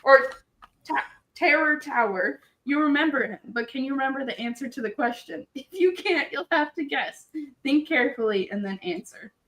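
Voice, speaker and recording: A woman hosting a stream, reading a gamebook aloud in an animated, joking way and laughing often. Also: sits high, moderate pace, reverberant, rough recording. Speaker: host.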